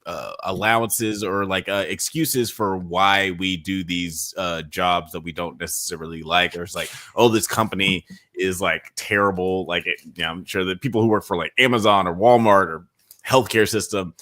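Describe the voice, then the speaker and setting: A man with a very low voice chatting on a podcast. He rambles and hesitates, filling his sentences with ums and likes as he works his point out loud. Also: fairly even intonation, normal speed. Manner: rambling, hesitant, many fillers. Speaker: podcast co-host. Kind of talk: casual chat.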